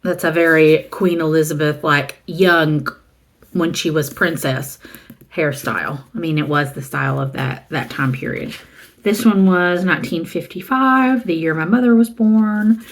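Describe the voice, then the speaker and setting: A middle-aged woman from the American South, chatting casually and rambling as she shows a used book haul and reads the titles aloud. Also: low-pitched. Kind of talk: casual chat.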